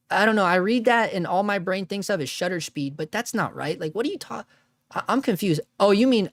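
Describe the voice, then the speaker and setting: Guy hosting a live stream from home, kinda high voice, rambly and jokey, dry close sound. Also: lively intonation, fast talker, no echo. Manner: rambling and joking, often laughing at himself. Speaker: livestream host. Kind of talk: casual live-stream chat.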